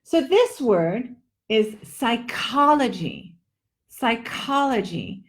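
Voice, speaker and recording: A woman's voice: on the high side, animated. A middle-aged woman teaching English pronunciation in a live online lesson, drawing out words in playful drills. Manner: playful, drawn-out word drills.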